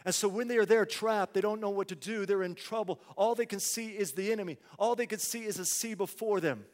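A man preaching in a church, his fairly high voice rolling out with a long reverb tail. He asks the congregation pointed questions and acts out the complaints of fearful people. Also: fairly quick. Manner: rhetorical questions, dramatic quoted complaints. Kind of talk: sermon.

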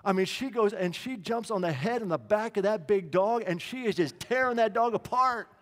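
High-voiced man preaching in a reverberant hall. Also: normal speed. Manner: conversational preaching with asides and restarts. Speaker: pastor. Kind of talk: sermon.

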